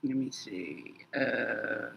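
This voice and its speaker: A woman's voice: very deep voice, animated, extremely slow, creaky, fairly bright tone, slightly rough, dull audio. A woman tarot reader in a casual livestream chat, rambling and talking straight to her commenters with emphatic asides.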